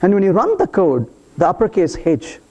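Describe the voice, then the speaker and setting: A man speaks at a conference, walking the audience through code in a playful, teasing way. His voice sits high and leaps widely in pitch, and his tone stays soft and mellow rather than bright. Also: wildly swooping pitch, moderate pace, a little hiss or hum. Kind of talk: live technical talk to an audience. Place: conference hall.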